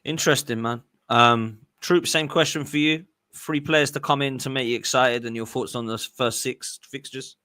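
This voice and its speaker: A man's voice: mid-range voice, fairly even intonation, moderate pace, hardly any pauses, sharp tone. Agreeable male podcast host. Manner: agreeable, poses long questions. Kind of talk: casual football chat.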